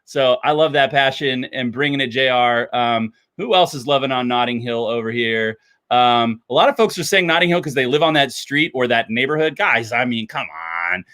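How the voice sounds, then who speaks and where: A man hosting a casual livestream, chatty and enthusiastic, with lots of fillers, talking indoors under bright lights. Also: mid-range voice, moderate pace, dry recording. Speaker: livestream host.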